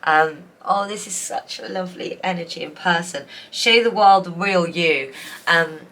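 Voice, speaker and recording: A woman's voice: lowish voice, moderate pace, a bit bright. A woman giving a tarot reading, emotional and tearful, rambling with many restarts. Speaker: tarot reader. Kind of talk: pick-a-card tarot reading.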